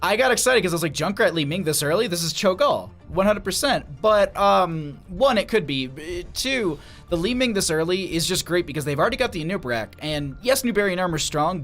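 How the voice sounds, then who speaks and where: A young man casting an esports match on a livestream, chatty and quick to laugh, reading his chat aloud and stumbling over player names. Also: fairly high pitch, fairly bright tone. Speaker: esports caster. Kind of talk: solo game commentary on a livestream.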